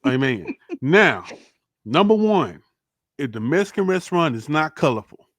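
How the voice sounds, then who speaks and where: A man's voice: fairly high pitch, big pitch swings, moderate pace, a bit bright, no echo. Man hosting a podcast, joking, dry. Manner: playful, ranking things with mock-serious verdicts. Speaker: podcast host. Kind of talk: casual chat.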